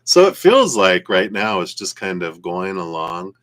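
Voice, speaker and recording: A man with a very low voice gives a live tarot reading. He talks casually and wanders from thought to thought, laughing easily. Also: very animated, unhurried, a bit bright. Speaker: tarot reader.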